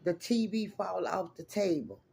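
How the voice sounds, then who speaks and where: A woman's voice: fairly low pitch, moderate pace, gravelly, dark tone, a little hiss or hum. Woman rambling through a profane story. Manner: rambling, emphatic, profane, addresses viewers as y'all. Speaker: vlogger. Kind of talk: casual storytelling to viewers.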